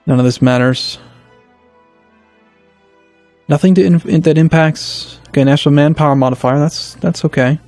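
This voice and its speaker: A man talks through a strategy game for his channel, reasoning aloud, stumbling over restarts, then perking up. His voice sits a little high, and the recording is dry and close. Soft game music plays underneath. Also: a little fast, dry recording. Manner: thinking aloud, hesitant restarts, bursts of excitement. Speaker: let's play host. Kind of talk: casual gameplay commentary.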